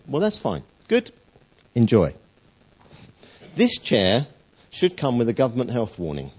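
A man preaching a sermon, his pitch rising and falling in lively swings. He tells stories with playful jokes and drawn-out pauses, his voice husky. The recording sounds dull and lo-fi. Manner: warm storytelling, playful jokes, dramatic pauses.

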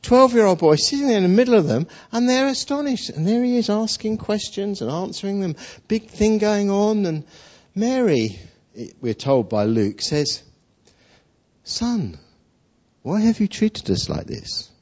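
A man's voice: high voice, animated, moderate pace, a little mellow. A male preacher giving a sermon, telling a story in a chatty way full of rhetorical questions. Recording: dull lo-fi sound.

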